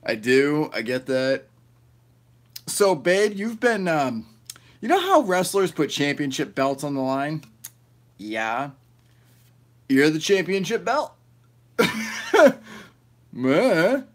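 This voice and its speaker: A man's voice: fairly high pitch, big pitch swings, slow pace, pauses often. A man hosting a casual livestream, reading chat aloud and rambling loosely, often swearing and laughing.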